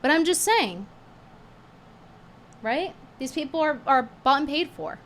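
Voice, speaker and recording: A woman streamer in casual commentary, talking sarcastically and animatedly, flaring up indignantly, her voice going a little hoarse. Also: high voice, expressive, a little slow, fairly bright tone, slight background noise.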